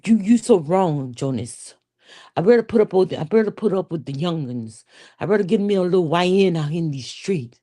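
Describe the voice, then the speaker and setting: A woman's voice: sits low, mellow. A woman voicing a scorned township woman who rants at her cheating man in a put-on foreign accent, cursing constantly. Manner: foul-mouthed ranting, put-on foreign accent.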